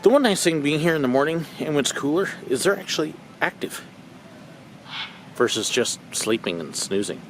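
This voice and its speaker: A man's voice: fairly high pitch, sing-song, moderate pace, slight background noise, low-quality recording. A middle-aged man casually narrating a walk around an outdoor zoo, with wry, joking tour-guide remarks. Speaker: vlog host.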